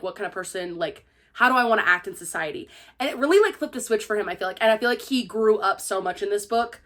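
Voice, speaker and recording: A young woman gushing through a casual, spoiler-filled book review, excitable and full of "like". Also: mid-range voice. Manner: gushing, excitable, heavy use of "like".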